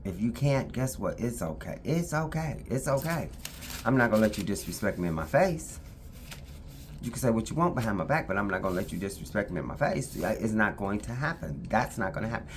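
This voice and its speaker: A woman's voice: extremely low pitch, lively intonation, fairly quick, noisy background. A woman talking casually to her camera, emphatic and repetitive, now and then breaking off to talk to her puppy. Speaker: vlogger.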